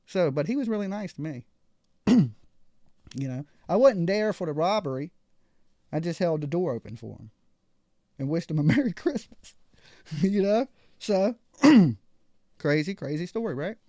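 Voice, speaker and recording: A man's voice: sits high, big pitch swings, moderate pace, pauses often, darkish tone, no room sound, studio quality. A man hosting a live call-in show, telling a story casually and acting out other people's lines.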